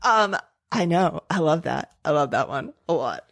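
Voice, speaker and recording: A woman's voice: deep voice, expressive, moderate pace, creaky, dry recording, clean studio sound. A young adult woman co-hosting a podcast in casual chat, reading out listener stories with rambling, swearing asides. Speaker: podcast co-host.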